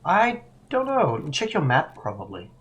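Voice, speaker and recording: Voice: medium pitch, huge pitch swings, unhurried, fairly bright tone, dull audio. A co-host chatting casually on a game stream, teasing and giggling. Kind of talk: casual chat.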